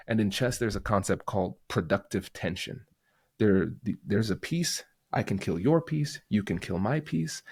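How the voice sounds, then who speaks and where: A man guest on a podcast interview, explaining negotiation in an energetic, emphatic way. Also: fairly low pitch, dry recording, clean studio sound. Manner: energetic, emphatic, acts out quoted voices.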